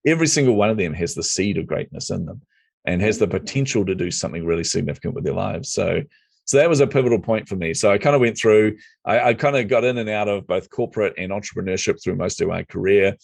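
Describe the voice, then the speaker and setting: A middle-aged New man tells his story quickly in a low voice, playing out the dialogue as he goes. His voice sits close and dry on the mic, with no room sound. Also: gravelly, no room sound. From New Zealand. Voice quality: lively storyteller who acts out quoted dialogue. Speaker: podcast guest. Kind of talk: casual storytelling interview.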